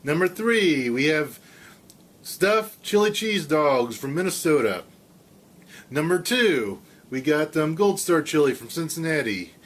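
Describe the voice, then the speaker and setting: A man putting on a famous radio countdown host's voice for a mock countdown, with a drawn-out, announcer-like delivery. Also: fairly high pitch, big pitch swings, a bit bright, exaggerated voice. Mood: showy. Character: adult male countdown radio DJ impression, slow and showy.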